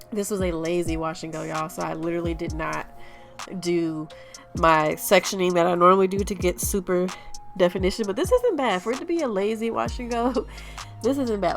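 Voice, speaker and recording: A young woman talks through a home hair tutorial with a stuffy, blocked-nose sound and short breath. Her voice sits a bit low with a gravelly fry, and she chats to viewers in a loose, apologetic way. Faint music plays underneath. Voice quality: nasal, stuffy-nosed. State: out of breath, congested. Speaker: hair vlogger. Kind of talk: casual hair tutorial vlog.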